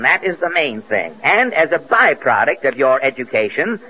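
A man's voice: fairly high pitch, expressive, moderate pace, hardly any pauses, heavy background noise. A man hosting a 1940s radio comedy, dry and wisecracking, with mock-stern scolding, on a lo-fi old broadcast recording. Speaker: comedy show host.

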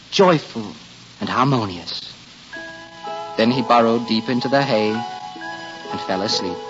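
Expressive male storybook narrator. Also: lo-fi sound. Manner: expressive, swinging pitch with the story.

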